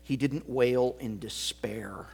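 A pastor preaching a sermon, swinging from loud emphasis to hushed, almost whispered words. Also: male voice, mid-range voice, slow, creaky, husky.

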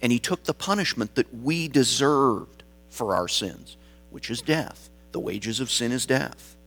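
A man preaching a sermon, slow and deliberate, building his points through repeated phrases. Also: mid-range voice, lively intonation, a bit bright, soft background music. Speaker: pastor.

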